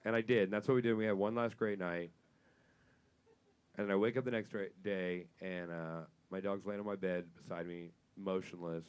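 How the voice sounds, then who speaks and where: A young man performing a stand-up comedy set, telling a profane story and building up to loud punchlines on a club stage. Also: low voice, fairly even intonation, normal speed, clean tone.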